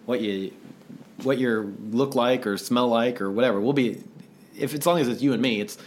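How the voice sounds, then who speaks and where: A man from the United States co-hosting a podcast in casual chat, telling stories with lots of laughter and quick acted-out quotes. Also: medium pitch, slight background noise. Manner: animated storyteller, acts out quotes, laughs often. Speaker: podcast co-host.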